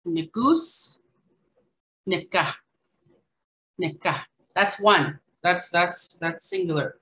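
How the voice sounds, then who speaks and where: A woman leads an online language lesson, saying each word slowly and then saying it again. Her voice is bright and somewhat low, and she comes through a video call. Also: poor audio. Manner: slow, repeats each word carefully, casual asides. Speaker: language teacher.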